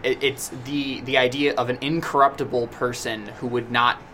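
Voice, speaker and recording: A man in a loose podcast chat, with a bright, forceful tone. He thinks out loud and circles back through his points. A faint hum of fan noise sits behind him. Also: mid-range voice, flat delivery, normal speed. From United States. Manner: talkative, thinks aloud with many restarts. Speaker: podcast co-host. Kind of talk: casual podcast discussion. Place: small indoor room with a noisy fan.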